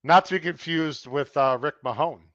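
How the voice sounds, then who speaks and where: A man co-hosting a podcast, casually talking through horse race picks in an analytical, chatty way and gently ribbing his co-host. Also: on the high side, moderate pace, no echo, lo-fi sound. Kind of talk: casual chat.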